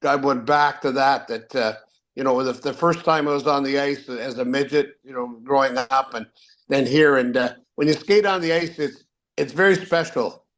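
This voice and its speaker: A man's voice: mid-range voice, normal speed, a bit bright. An older Canadian man, a retired referee, telling rambling anecdotes with many fillers and restarts. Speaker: guest, retired hockey referee. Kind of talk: casual storytelling.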